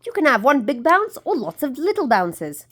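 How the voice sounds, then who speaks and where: A woman's voice: high-pitched, big pitch swings, normal speed, fairly bright tone, voice pushed up. A woman voicing a friendly chimpanzee guide from a storybook, announcing rides like a showman. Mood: cheerful.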